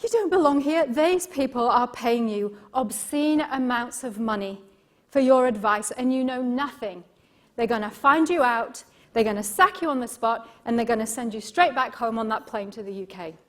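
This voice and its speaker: A woman with an English accent voicing her own harsh female inner critic, berating and accusing in rapid-fire jabs. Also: on the high side, lively intonation, natural voice. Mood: scornful.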